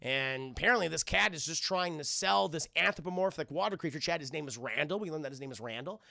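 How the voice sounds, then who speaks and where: A man giving a casual, excitable, profane cartoon recap while talking to his stream chat. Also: a little high, fast, gravelly, no echo, clean studio sound. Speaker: cartoon reviewer.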